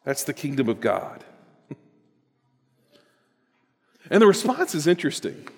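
A man preaching a sermon in a church, animated and building to emphatic bursts. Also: a little high, unhurried, gravelly, slightly rough. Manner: animated, rising to emphatic bursts, with chuckles and repetitions. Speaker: pastor. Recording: long reverb of a large hall.

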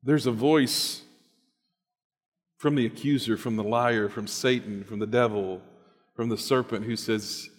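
A man's voice: medium pitch, measured pace. A man preaching a sermon in a conversational, emphatic storytelling manner. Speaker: pastor. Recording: echoey hall.

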